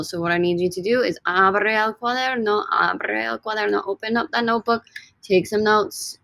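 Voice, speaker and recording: A woman's voice: mid-range voice, a bit bright, no echo. A young woman teaching a recorded Spanish lesson, talking straight to her students and drilling words by repetition. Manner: upbeat, addresses students directly, drills by repetition.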